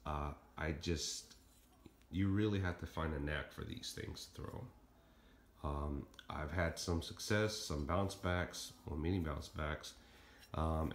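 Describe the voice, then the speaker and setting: A deep-voiced man with vocal fry, a knife-throwing hobbyist, reviews his blades in a casual show-and-tell vlog. He talks fast and plainly, rambling with many ums, in an echoey room with faint background noise.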